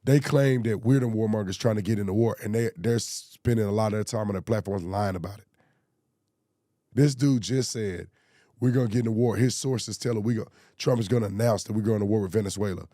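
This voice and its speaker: A man's voice: lowish voice, fairly even intonation, quick pace, few pauses, dark tone, dry recording, studio quality. A man hosting a political commentary show, talking emphatically with repeated rhetorical questions while straining a voice he says he is losing.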